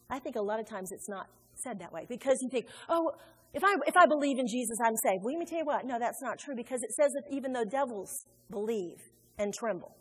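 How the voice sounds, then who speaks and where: Lively woman preacher in an echoing hall. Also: a little high, slightly rough. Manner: animated, conversational, joking with the congregation. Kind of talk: sermon. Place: church sanctuary. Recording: long hall reverb.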